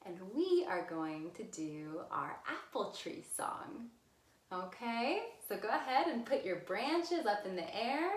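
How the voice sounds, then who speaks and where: A woman librarian reading a story and leading songs for children, slow, animated and sing-song. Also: a little high, roomy sound.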